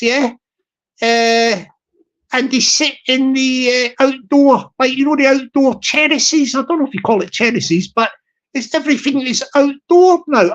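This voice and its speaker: A man with a high-pitched voice hosts a motivational pep talk. He rambles from one thought to the next and often stumbles and restarts his sentences. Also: dull audio. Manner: rambling, with many restarts and laughs. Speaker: podcast host.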